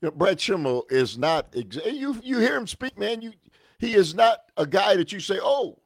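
A man's voice: high-pitched, big pitch swings, normal speed, no room sound. A man joining a talk radio show as a guest, conversational and dismissive, often saying "man".

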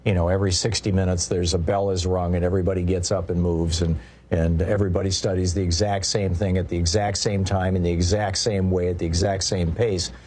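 A man's voice: sits low, level tone, fairly quick, darkish tone, slight background noise. A man hosting a talk radio show, delivering a discursive monologue from a radio studio with many fillers and restarts.

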